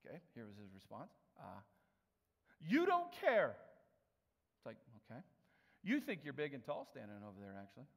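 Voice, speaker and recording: A man's voice: on the low side, fast talker, gravelly. Storytelling male preacher in a reverberant hall. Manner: conversational storytelling with animated quoted voices. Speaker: pastor. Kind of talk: sermon. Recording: long reverb of a large hall.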